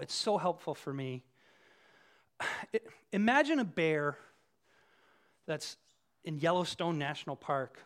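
A man giving a sermon in a conversational preaching style, telling vivid everyday illustrations and swinging between hushed and loud delivery. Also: a little high. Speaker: pastor.

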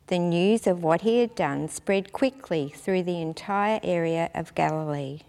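A woman's voice: on the low side, vocal fry. Woman reading scripture in a reverberant hall. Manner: measured, steady reading. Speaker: scripture reader. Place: church.

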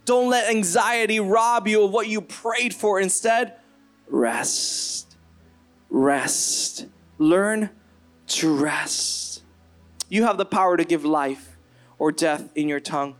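A man's voice: sits high, normal speed, a bit bright, soft background music. A man preaching a sermon to his church, earnest and building to impassioned bursts. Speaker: pastor.

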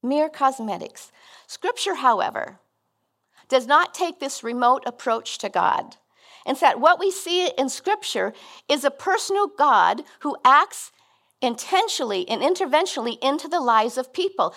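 Middle-aged woman, guest preacher, a bit high-pitched, earnest and chatty. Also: very animated, moderate pace, a bit bright. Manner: conversational, earnest, with frequent restarts. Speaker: guest speaker. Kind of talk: sermon.

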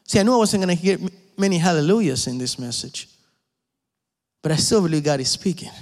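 A man preaching a sermon, emphatic and pleading, dropping at times to hushed whispers. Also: a little high, lively intonation, a little fast, in a large hall.

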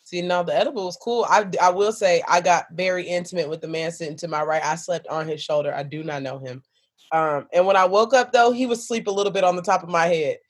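A woman's voice: lowish voice, fast, breathy edge. A woman co-hosting a casual podcast, telling a funny story in a laid-back, wry way. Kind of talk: casual chat.

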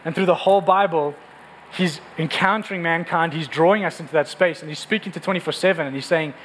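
A man's voice: on the high side, quick pace, fairly bright tone, a little hiss or hum, poor audio. A male pastor giving a sermon to a congregation in a room, in an earnest, conversational way that often repeats words.

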